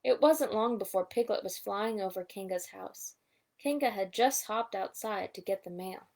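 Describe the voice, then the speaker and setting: A woman's voice: medium pitch, normal speed, creaky, darkish tone. A woman reading a children's storybook aloud, adding asides about the pictures. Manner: reads with asides pointing at pictures. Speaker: storybook reader. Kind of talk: bedtime story read-aloud.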